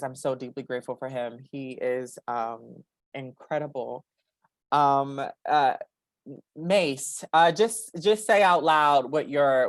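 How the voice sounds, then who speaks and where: A host of an online poetry event talks slowly and loosely, stopping often for ums. The voice sits mid-range, and the sound is dry and close. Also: mid-range voice, no room sound. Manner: warm, chatty, laughing, many ums. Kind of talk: casual chat.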